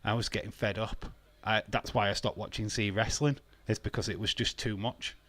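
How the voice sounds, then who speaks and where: A man's voice: fairly low pitch, steady tone, normal speed, fairly bright tone, dry recording. A man hosting a wrestling watch-along stream, ranting bluntly in casual talk, swearing freely and laughing often.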